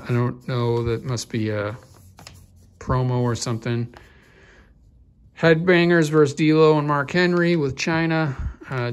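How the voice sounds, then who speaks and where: A man in his forties hosting his own vlog, telling a backstage story in a rambling way with many fillers and restarts. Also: mid-range voice. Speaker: vlog host. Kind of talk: casual storytelling.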